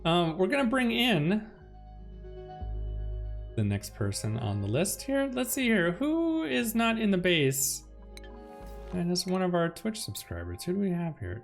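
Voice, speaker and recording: A man's voice: high voice, measured pace, creaky, pauses often. Chatty man commenting over music. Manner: chatty, swings between calm planning and loud alarm. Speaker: let's play host. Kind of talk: casual gameplay commentary. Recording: music playing behind the voice.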